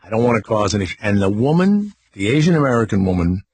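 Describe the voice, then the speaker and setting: Loud older male radio host, husky. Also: lowish voice, fast talker. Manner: animated storyteller, acts out quotes. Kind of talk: casual talk-radio storytelling.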